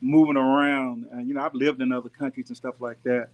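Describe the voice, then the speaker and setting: A man hosting a gardening channel, chatting casually and directly with viewers on a live stream in a relaxed, folksy way. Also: mid-range voice, a little fast. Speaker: YouTube gardening channel host. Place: rented house with pool and jacuzzi. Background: pool and jacuzzi noise.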